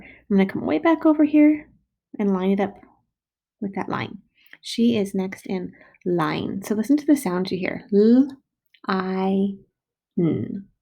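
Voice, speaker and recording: A woman teaching first graders to write a sentence, slowly sounding out each word and syllable with patient, clear steps. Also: medium pitch, mellow. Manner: slow, patient, sounding out words. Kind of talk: recorded writing lesson for children. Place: home. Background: dog barking.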